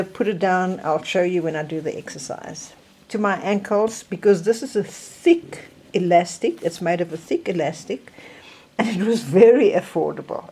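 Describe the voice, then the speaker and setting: An older woman with a South African accent talks slowly through her recovery tips, holding up things as she explains them. Her voice sits a little low and has a soft, mellow tone. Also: husky. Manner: slow, chatty, demonstrating objects. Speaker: vlogger sharing recovery tips. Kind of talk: casual show-and-tell.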